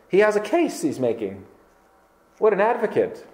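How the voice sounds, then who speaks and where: A man's voice: high-pitched, wildly swooping pitch, normal speed, darkish tone. A man preaching a sermon as pastor, emphatic and conversational, firing rhetorical questions at his congregation. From Canada. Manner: conversational with filler words.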